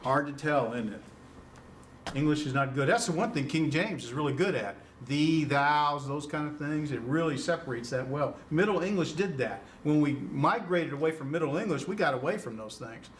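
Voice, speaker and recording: Teaching Greek to beginners, this man keeps his classroom lecture chatty and animated, firing questions at students and laughing at his own puns. He speaks at a normal speed in a slightly high voice. The mic catches him from a distance, with a little background noise in the room.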